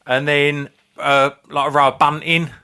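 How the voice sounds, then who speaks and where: Bloke in his 50s, rambling sweary stories, bright sharp voice. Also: on the high side, little pitch movement, a little slow, smooth. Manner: rambling storyteller, swears freely. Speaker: podcast co-host. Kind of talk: casual chat.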